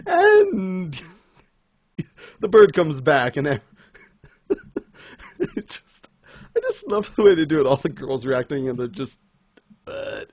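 A man's voice sits on the high side, with big pitch swings and a darkish tone; he talks a little slowly and leaves long pauses. As a podcast co-host in a casual manga review chat, he recaps a chapter. He is giggly and enthusiastic and laughs often.

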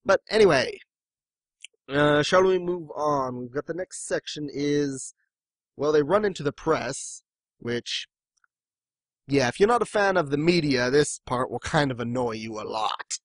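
A man's voice: a little high, a little slow, no echo. A man hosting a casual podcast, chatting and joking, now and then quoting lines in other voices. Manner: chatty, jokey, breaks into quoted voices. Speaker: podcast host. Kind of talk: casual chat.

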